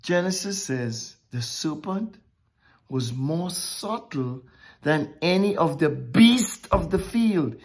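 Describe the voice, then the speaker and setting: Slow, emphatic woman preaching. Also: deep voice, lively intonation, darkish tone, husky. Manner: emphatic, drawn-out preaching with dramatic pauses. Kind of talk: sermon.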